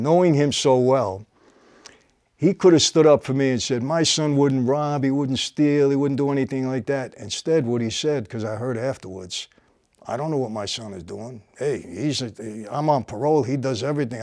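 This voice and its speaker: A man, hosting and telling a personal story in casual conversation, often dropping to a low quiet voice at the tense moments. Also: moderate pace, no room sound, studio quality.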